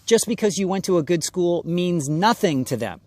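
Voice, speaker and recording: A man's voice: high-pitched, expressive, moderate pace, darkish tone, no echo. A man coaching actors in an emphatic, conversational way, often acting out brief voices of casting people. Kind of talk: direct-to-camera acting advice.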